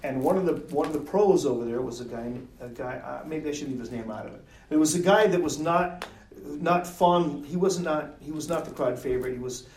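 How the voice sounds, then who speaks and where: A middle-aged man telling a story as a podcast guest, animated and quick to laugh, acting out the people he quotes. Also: fairly high pitch, distant mic, slight background noise. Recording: roomy sound from off mic.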